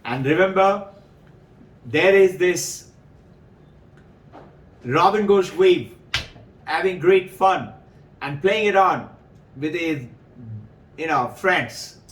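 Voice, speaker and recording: Male spiritual teacher, sermon, animated storyteller, high lively voice, roomy distant sound. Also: slow pace, pauses often. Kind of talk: sermon to devotees.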